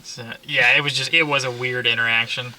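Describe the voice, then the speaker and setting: A man co-hosting a movie review, chatting casually with wry, profane asides and quick jokes. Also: mid-range voice, fairly even intonation, pushed and bright, a little hiss or hum. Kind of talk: casual chat.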